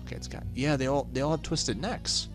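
A man casually reacting out loud and reading game text as he plays a horror puzzle game. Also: medium pitch, fairly quick. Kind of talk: let's play commentary. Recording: game music playing clearly.

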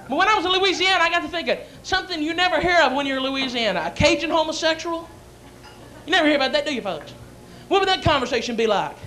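Young man, brash stand-up comic and MC, high, bright voice, live club stage. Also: animated, fast, a little hiss or hum. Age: young adult. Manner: brash, rowdy storytelling. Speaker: stand-up comedian and MC.

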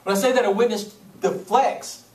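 A male pastor from Kentucky preaching a sermon, dramatic, dropping to soft low tones and rising again. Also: fairly even intonation, moderate pace. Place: church sanctuary. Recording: echoey church room, distant mic, faint noise.

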